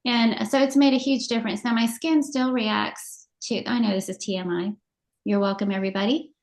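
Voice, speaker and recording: A middle-aged woman co-hosting a casual chat show, telling animated stories and laughing often. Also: a little high, fairly quick. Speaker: podcast co-host.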